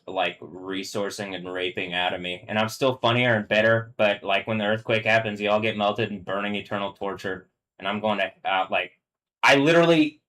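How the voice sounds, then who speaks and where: A man talking alone on a live stream, ranting angrily and profanely in a halting, filler-filled way, dropping to low mutters and rising to loud, high yelling. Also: poor audio. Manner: halting, filler-heavy, restarts often. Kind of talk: rambling solo live-stream monologue.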